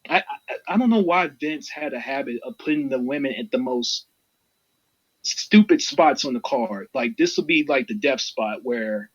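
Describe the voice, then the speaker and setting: A man co-hosting a casual wrestling podcast, an excitable storyteller who swears freely and talks straight to his listeners. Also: medium pitch, normal speed, gravelly, breathy edge, highs cut off. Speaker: podcast co-host.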